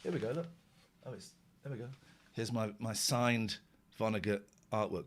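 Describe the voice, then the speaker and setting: A man co-hosting a radio show, chatting and telling anecdotes with quick interjections in a studio. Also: on the low side. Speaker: radio co-host. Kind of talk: casual radio chat. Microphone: studio microphone.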